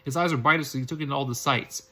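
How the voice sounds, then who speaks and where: A man's voice: mid-range voice, pushed and bright. A man reading a fan story aloud, stumbling often and restarting words. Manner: halting, frequent restarts and slips. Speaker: reader.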